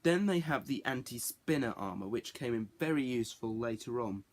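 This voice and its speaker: A man's voice: mid-range voice, expressive, normal speed. A man giving a casual spoken review, rambling and correcting himself as he goes. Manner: rambling, self-correcting, chatty. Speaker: TV show reviewer.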